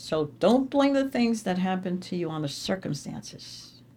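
A middle-aged woman giving an inspirational faith talk to a live audience, telling stories with animated, emphatic repetition. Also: fairly low pitch, a little slow. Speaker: speaker addressing an audience.

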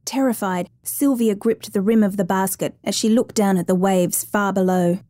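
Female narrator for a true survival story, measured and suspenseful, warm dry tone. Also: medium pitch, steady tone, dry recording.

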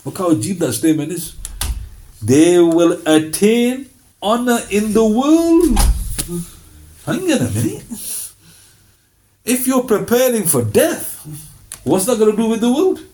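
A male preacher talks through his sermon in a lively, conversational way. His voice sits a little higher than most men's, and he often slips into quick quoted voices. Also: slight background noise, poor audio. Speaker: Islamic preacher.

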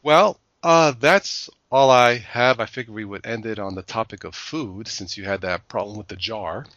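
A man's voice: lowish voice, normal speed, fairly bright tone, dry recording. A man hosting a casual news chat show in a playful way, laughing at his own jokes, on a dull lo-fi recording. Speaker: show host.

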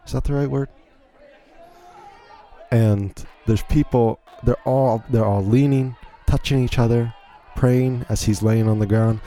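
A man's voice: mid-range voice, steady tone, unhurried, mellow, some chatter behind. A man hosting a podcast, giving incredulous, rambling play-by-play commentary on a video in a casual way. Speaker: podcast host.

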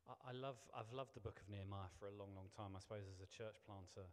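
A man's voice: lowish voice, steady tone, fast talker. A middle-aged man, a vicar, preaching a sermon in a chatty, self-deprecating way with many restarts. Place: church hall. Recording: long hall reverb.

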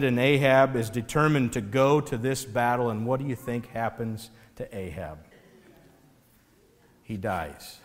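A man giving a sermon in an animated, conversational storytelling way. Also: medium pitch, long reverb tail. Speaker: pastor.

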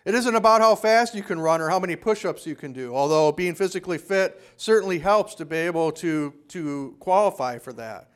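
During a sermon, a pastor recounts something that happened during his time in the army, lowering his voice whenever he quotes his drill sergeant.

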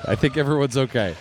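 A man hosting comedic play-by-play at a basketball game, chatty and quick to laugh, recorded courtside. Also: medium pitch, a little mellow, a little hiss or hum. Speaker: host and commentator.

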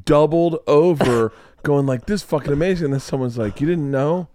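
A man's voice: a little high, normal speed, warm tone, a little hiss or hum. Enthusiastic male podcast host. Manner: enthusiastic, swears casually, trails off mid-sentence. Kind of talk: casual podcast chat.

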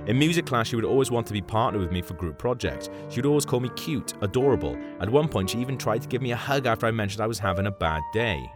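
A man's voice: fairly low pitch, animated, fast talker, few pauses. A man telling a self-mocking story about a school crush in a wry, comic way. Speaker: podcast co-host. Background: music.

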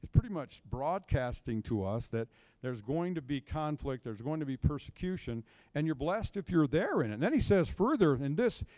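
Middle-aged male counselor preaching, fairly high voice, dry close sound, chatty storyteller who keeps checking in with the crowd. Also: sing-song, moderate pace, warm tone, no echo. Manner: conversational, draws the audience into call and response; storytelling, checks in with "okay?" and "right?". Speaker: counselor giving a church message. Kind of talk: sermon.

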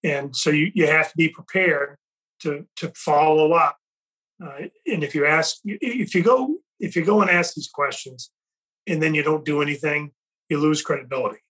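A man talks in an earnest, reflective way as a podcast host in casual conversation. His voice is slightly high and bright, with a forceful edge. He restarts his sentences often as he thinks aloud. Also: moderate pace, slightly rough, poor audio. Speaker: podcast host and company leader.

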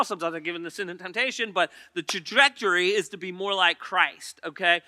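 A man preaches a sermon to his church in a high-pitched voice. His tone is crisp and very bright, almost piercing. He keeps it conversational, turning to the congregation with quick questions. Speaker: pastor. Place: church auditorium.

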